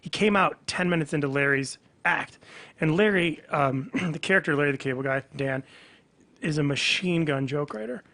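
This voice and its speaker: Animated man telling a story. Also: a little high, moderate pace. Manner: animated storyteller, acts out quoted dialogue. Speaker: comedian guest. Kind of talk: casual podcast chat, storytelling.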